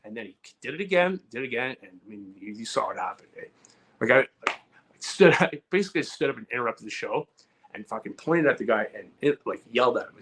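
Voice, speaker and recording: A man's voice: medium pitch, animated, quick pace, a bit bright, slightly rough. A man co-hosting a comedy podcast, talking heatedly, swearing and restarting his sentences. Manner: heated, repeats words and restarts often, swears. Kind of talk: casual podcast chat.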